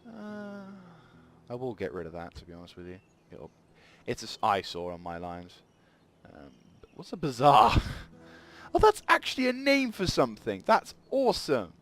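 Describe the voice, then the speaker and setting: A man's voice: mid-range voice, huge pitch swings, moderate pace, fairly bright tone. A man giving rambling let's play commentary at a desk mic, thinking aloud as he plays. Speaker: gaming channel host.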